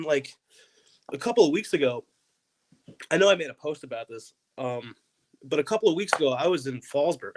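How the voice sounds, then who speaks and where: A man's voice: medium pitch, poor audio. A young man, a comedian guest on a podcast, telling a story in a rambling way with many "like"s. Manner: rambling, heavy use of "like".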